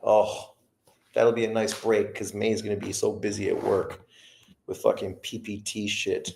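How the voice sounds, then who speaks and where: A man's voice: on the low side, level tone, moderate pace, vocal fry, a little mellow, slight background noise. A man in his fifties telling rambling, profane stories in a casual livestream chat. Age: 50s. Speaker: boxing livestream host.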